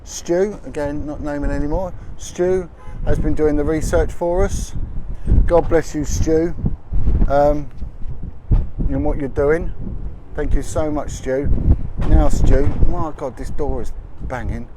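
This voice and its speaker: A man's voice: on the high side, fairly even intonation, a little slow. A man hosting a casual livestream outdoors, chatting with asides as he reads out figures. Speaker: livestream host. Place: outdoors in windy street. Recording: noisy outdoor street recording. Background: wind, traffic and street noise.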